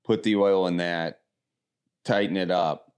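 A man from the American Midwest answering rapid questions in an easygoing, rambling way. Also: sits low, fairly even intonation, a little mellow, clean tone. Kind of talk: casual chat.

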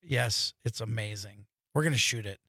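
A man's voice: lowish voice, moderate pace, creaky, pushed and bright, slightly rough, no room sound. A male radio host in a studio, chatting enthusiastically and rambling through stories. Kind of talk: casual radio chat.

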